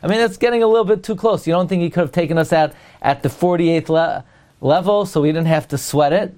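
A man teaching a Torah class. He asks rhetorical questions and pauses with fillers while he looks for the next word. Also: a little high, darkish tone.

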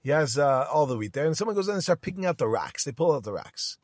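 Man, casual Talmud teacher, slightly high voice, animated and acts out the debate, dry close sound. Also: fast, no room sound. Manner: animated, acts out the rabbis' dialogue, mixes Hebrew and Aramaic terms.

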